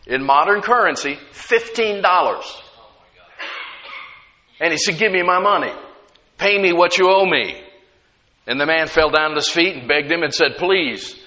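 A middle-aged man with a slightly high, bright voice preaches a sermon, reading scripture dramatically and pausing to explain it to the congregation. His voice rings out, and a long hall reverb trails each phrase.

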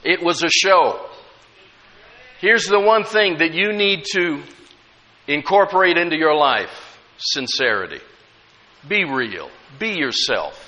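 A man's voice: fairly high pitch, sing-song, takes it slowly, pauses often, pushed and bright. A middle-aged male pastor preaching a sermon, emphatic and conversational with humorous asides. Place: church sanctuary. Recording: echoey church hall.

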